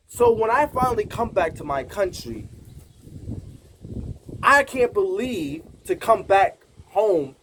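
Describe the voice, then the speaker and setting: American guy vlogging, fairly high voice, tells it emphatic and fired up, slight hiss behind. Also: big pitch swings, slow pace, pauses often, a bit bright, poor audio. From United States. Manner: emphatic, indignant retelling. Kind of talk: casual storytelling to camera.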